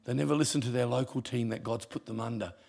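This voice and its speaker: A male pastor, preaching a sermon with punchy humour and sudden drops to quiet. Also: mid-range voice, fairly even intonation, fast talker, vocal fry, slightly rough.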